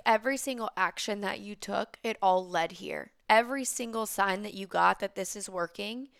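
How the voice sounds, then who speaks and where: A woman's voice: medium pitch, creaky, fairly bright tone. A woman in her thirties hosting a podcast, giving a candid, heartfelt motivational monologue and swearing freely. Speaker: podcast host and business coach.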